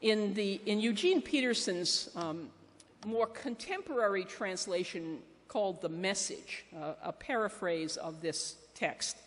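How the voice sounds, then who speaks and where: A woman pastor preaching a sermon in a measured, conversational way, with fillers and pauses. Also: medium pitch, animated. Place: church sanctuary. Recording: church hall reverb.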